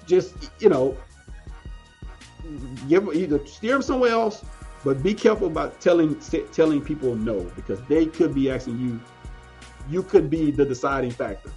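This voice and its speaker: Animated high-voiced man telling a story. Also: moderate pace. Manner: animated, acts out quoted voices, stammers and restarts. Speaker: podcast guest. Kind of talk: storytelling in casual interview. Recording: dull lo-fi sound, faint music.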